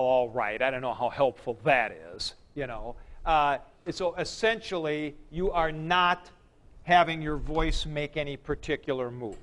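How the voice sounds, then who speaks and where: A man teaching a class, explaining slowly with fillers and "okay?" checks to the students. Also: a little high. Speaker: Greek teacher. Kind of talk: classroom lecture.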